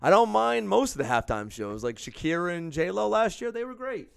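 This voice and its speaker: A man co-hosting a casual sports podcast, talking in an animated, excitable way and laughing often. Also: high voice, normal speed, gravelly, smooth, dry recording. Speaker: podcast co-host.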